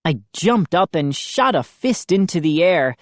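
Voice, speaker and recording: A woman reads a spooky children's audiobook in a slow, measured storytelling voice, her pitch moving lively through the sentences. Her voice sits on the low side and the sound is close and dry. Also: no room sound. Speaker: audiobook narrator. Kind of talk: audiobook reading.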